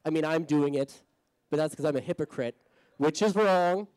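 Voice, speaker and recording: A man's voice: fairly high pitch, moderate pace, no room sound, rough recording. A dry-sounding man emceeing a comedy show. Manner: loose, hesitant, deadpan jokes with filler words. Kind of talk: stand-up emcee banter.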